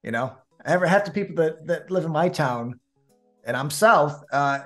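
A man with a New Jersey accent, co-hosting a casual podcast chat in an animated, chatty way with frequent restarts. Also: on the high side, normal speed, faint music behind. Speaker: co-host.

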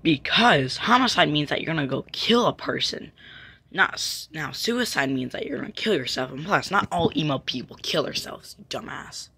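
A young performer voicing a grumpy tie-dye plush bunny with a clumsy put-on Russian accent, gruff and insulting. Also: mid-range voice, expressive, normal speed, bright, forceful tone, no room sound, exaggerated voice. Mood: scornful.

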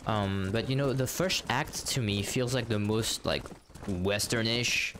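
Low-voiced man streaming a game. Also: measured pace, fairly bright tone, a little hiss or hum. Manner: chatty and profane, answering chat while playing. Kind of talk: casual live gameplay commentary. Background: game music and horse hooves.

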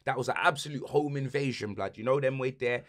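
A young man with a London accent, hosting a podcast and ranting heatedly about football, repeating slang tags and swinging between shouting and muttering. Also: mid-range voice, fairly quick. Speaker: podcast host.

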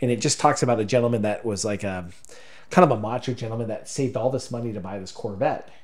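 A man co-hosting a podcast, telling a story in halting, emotional casual talk, choked up at times. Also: lowish voice. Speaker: podcast co-host. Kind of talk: casual conversation.

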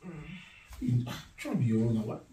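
A man's voice: medium pitch, very animated, brisk, roomy sound, distant mic, heavy background noise. A Nigerian man in a casual home vlog, pleadingly asking his wife the same worried questions again and again. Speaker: husband in a prank video.

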